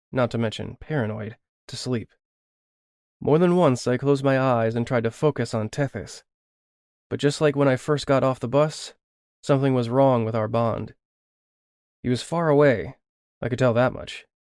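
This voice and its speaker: A man narrating first-person fiction in a steady, measured way on a close studio mic. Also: medium pitch, no echo. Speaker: audiobook narrator.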